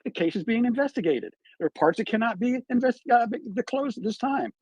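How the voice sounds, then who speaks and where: A man's voice: very high-pitched, expressive, a little fast, darkish tone, slightly rough, no echo, rough recording. A man giving true crime commentary on a live stream, emphatic and full of rhetorical questions, played back from his stream.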